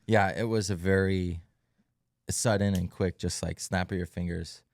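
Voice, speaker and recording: A young man co-hosting a faith podcast, calmly telling of his child's difficult birth in a reflective, halting way with many fillers. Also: low voice, no echo. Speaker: podcast co-host. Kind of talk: casual testimony chat.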